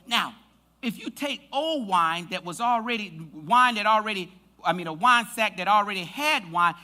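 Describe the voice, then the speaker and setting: A man preaching a lively sermon in a church, his voice high and strikingly bright. He swings through a wide melodic range, teasing the congregation and building to loud shouts. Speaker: pastor. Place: church sanctuary.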